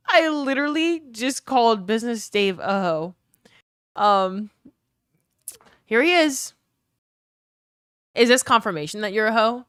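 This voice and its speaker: A woman's voice: fairly high pitch, animated, unhurried, long pauses, a bit bright, clean tone, no room sound, studio quality. A young woman from New Orleans with a neutral accent, chatting casually with her live stream viewers, reading comments aloud and swearing now and then. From New Orleans, US South.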